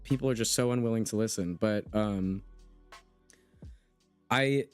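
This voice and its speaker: A man's voice: lowish voice, unhurried, clear, resonant tone, faint music behind. A man hosting a livestream conversation with a guest, talking in an emphatic, impassioned way and reading out chat comments as he goes. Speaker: livestream host interviewing a guest.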